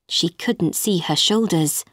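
A woman narrating a children's storybook, reading slowly, clearly and expressively. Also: fairly low pitch, no room sound, clean studio sound.

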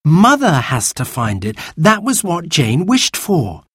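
A man's voice: huge pitch swings, slow pace, a bit bright, breathy edge, dry recording, studio quality, heavily acted. A man doing an anxious young boy. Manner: worried, high.

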